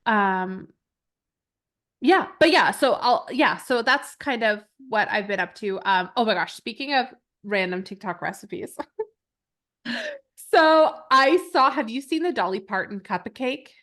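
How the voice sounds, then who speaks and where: Woman podcast co-host, casual storyteller, fairly high voice. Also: expressive, measured pace, a bit bright. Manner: chatty storyteller, laughs while telling stories. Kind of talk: casual chat.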